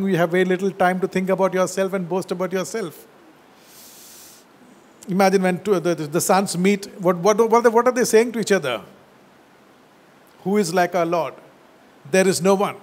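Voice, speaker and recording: High-voiced preacher with emphatic delivery. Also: male voice. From India. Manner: emphatic preaching, drops low and soft at phrase ends; slows down to quote scripture. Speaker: pastor. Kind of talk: sermon.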